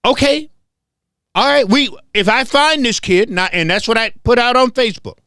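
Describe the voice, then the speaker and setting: A man's voice: extremely high pitch, normal speed, sharp tone, clear, resonant tone, no room sound, clean studio sound. A man from Memphis hosting a heated commentary monologue, confrontational and emphatic, hammering points home by repeating them. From Memphis, southern US. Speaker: host.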